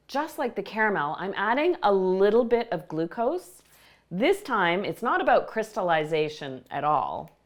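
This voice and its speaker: A woman hosting a baking show, explaining each step with clear, enthusiastic instructions from a kitchen. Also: lowish voice. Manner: warm, explanatory, enthusiastic about the food. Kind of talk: cooking demonstration.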